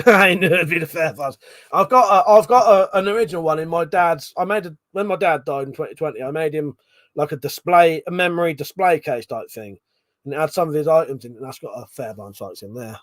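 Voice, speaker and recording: A British livestream host, tipsy, runs a casual late-night stream, laughing often, swearing freely, and reading chat comments aloud. His voice is on the high side, brisk and fairly bright, recorded at studio quality with no echo.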